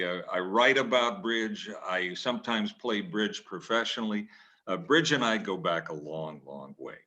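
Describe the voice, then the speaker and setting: An older man spins a lively, self-deprecating anecdote, acting out the scenes as he goes. His voice is fairly low but bright and forceful, with a punchy edge. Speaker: guest speaker, former newspaper columnist. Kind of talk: anecdotal storytelling talk.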